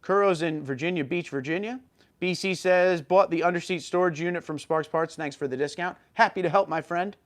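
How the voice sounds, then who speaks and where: A man's voice: on the high side, brisk. A man hosting a casual livestream, reading viewer comments aloud and answering them in an upbeat way. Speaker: livestream host.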